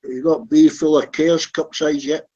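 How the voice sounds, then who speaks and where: A man's voice: fairly high pitch, steady tone, moderate pace, dark tone, highs cut off. A man chatting bluntly in an online voice room, swearing and leaning on fillers. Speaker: chat room regular. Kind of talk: casual online group chat.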